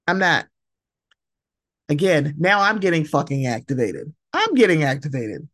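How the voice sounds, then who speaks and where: A woman's voice: deep voice, sing-song, moderate pace, fairly bright tone, dry recording, studio quality. A woman hosting a solo podcast, talking in a casual, emphatic way, swearing freely and acting out the people she quotes. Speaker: podcast host. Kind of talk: solo casual chat about reality TV.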